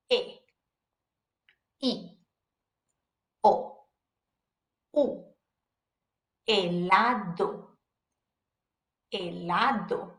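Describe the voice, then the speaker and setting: A woman with a fairly high voice teaches a beginner Spanish lesson, sounding out each syllable very slowly and carefully. Her voice rings in a noticeably echoey room. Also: a bit bright. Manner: slow, careful enunciation of syllables. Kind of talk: slow beginner language lesson.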